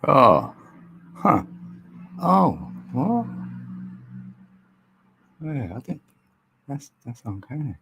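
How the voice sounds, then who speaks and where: A man's voice: mid-range voice, very animated, extremely slow, gravelly, long pauses, fairly bright tone, slight background noise. A man hosting a livestream, chatting casually with viewers and rambling through musings with frequent laughs, on a mic mounted on an arm extension. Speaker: livestream host.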